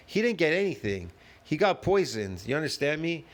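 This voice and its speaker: A man's voice: fairly high pitch, very animated, normal speed. Emphatic ranting man. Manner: emphatic, repetitive, rhetorical questions. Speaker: commentator reacting to a video. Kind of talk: ranting commentary.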